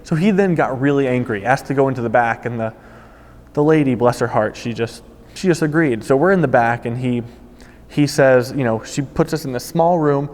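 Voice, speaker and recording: Male storyteller, former car salesman, animated delivery, ordinary middle register, recorded with long reverb. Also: medium pitch, normal speed. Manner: animated storytelling, voices quoted people. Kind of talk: casual spoken anecdote.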